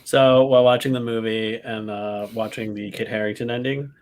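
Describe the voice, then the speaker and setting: A man co-hosting a podcast, excitedly retelling his movie reactions in casual, swearing chat. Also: medium pitch, normal speed. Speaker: podcast co-host.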